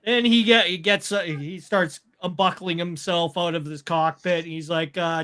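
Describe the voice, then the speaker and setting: A man narrating a tabletop science-fiction game as game master, halting with many fillers and restarts. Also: high voice, fairly even intonation, sharp tone.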